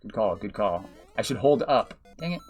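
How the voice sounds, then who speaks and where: A man with a mid-range, slightly mellow and rough voice streams a platform game live. He's chatty, cursing at his mistakes, laughing often, and thanking viewers by name as he commentates.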